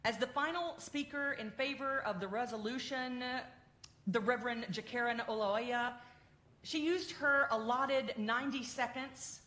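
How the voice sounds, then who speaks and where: A woman minister giving an animated, heartfelt address to her congregation and quizzing them along the way. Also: fairly high pitch, measured pace. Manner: animated, quizzes the congregation, grows tender and emotional. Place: church sanctuary. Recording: echoey sanctuary.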